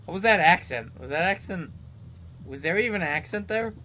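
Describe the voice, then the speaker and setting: A young man commentating gameplay in a loose, teasing way, often breaking into laughs. His voice sits a bit high for a man, with a faint hum in the background. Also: animated, fairly quick, sharp tone. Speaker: let's play host.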